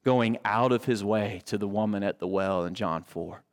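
A man preaching a sermon as pastor, reading scripture with a lifted voice and dropping low and quiet to drive his points home. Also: moderate pace. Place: church sanctuary. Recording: long reverb of a large church hall.

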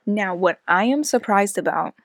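A young woman chats with her co-host, voice at an everyday middle pitch and close and dry on the mic. She tells stories in an animated, rambling way, dotting her sentences with "like". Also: moderate pace, dry recording. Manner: chatty, animated storytelling with many "like"s. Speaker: podcast co-host. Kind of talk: casual chat.

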